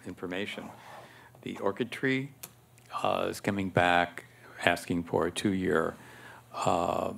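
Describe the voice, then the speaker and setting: A man's voice: sits low, vocal fry, fairly bright tone. A man on a city preservation board, asking questions hesitantly with many fillers into a desk microphone in a city hall chamber. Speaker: board member. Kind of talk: public meeting remarks.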